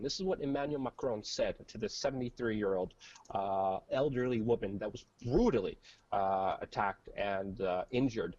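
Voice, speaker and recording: Male co-host, casual rambling commentator, breathy tone, muffled lo-fi audio. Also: on the low side, normal speed, darkish tone. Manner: rambling, filler-heavy, joking.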